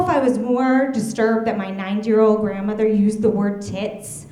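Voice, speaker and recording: A woman's voice: medium pitch, normal speed, a little hiss or hum. Woman doing stand-up in a roomy club. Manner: deadpan storytelling with laughs at her own jokes. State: heavily pregnant. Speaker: stand-up comedian. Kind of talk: stand-up comedy set. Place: comedy club stage.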